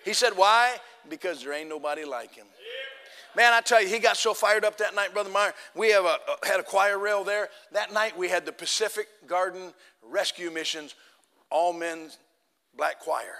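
A man preaching, telling a story with lively quoted voices and loud outbursts. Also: sits high, moderate pace, long reverb tail. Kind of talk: sermon storytelling.

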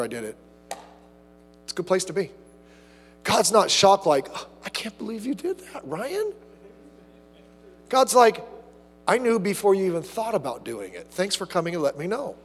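A man preaching a sermon as pastor, animated, acting out little asides and quotes. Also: sits high, in a large hall.

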